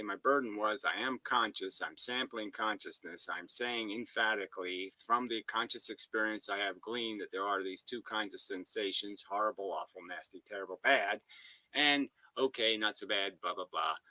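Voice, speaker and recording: A man's voice: fairly low pitch, normal speed, sharp tone, no room sound, rough recording. A man ranting in combative philosophical commentary, profane and abrasive, close to a home mic. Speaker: commentator reacting to a debate.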